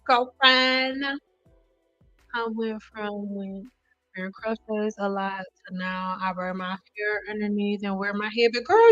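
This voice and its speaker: A young woman hosting a hair care live stream, chatting with viewers in a loud, playful way. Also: mid-range voice, muffled recording. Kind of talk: casual live-stream chat.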